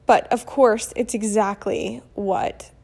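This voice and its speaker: A woman in her thirties telling a story casually as a vlogger, animated and blunt, acting out what people said. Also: medium pitch, slow pace, vocal fry. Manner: animated, acts out quotes, blunt with mild swearing. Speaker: vlogger and mother.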